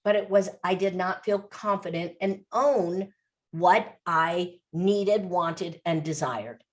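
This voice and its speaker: A woman's voice: fairly low pitch, slow pace. Emphatic woman telling her story. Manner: emphatic, animated storytelling with repetition. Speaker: podcast guest. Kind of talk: interview.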